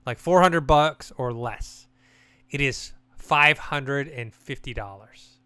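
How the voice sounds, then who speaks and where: A man co-hosting a games podcast in casual chat, talking in a relaxed, rambling way with many restarts. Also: medium pitch, slow, smooth, no echo. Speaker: podcast co-host.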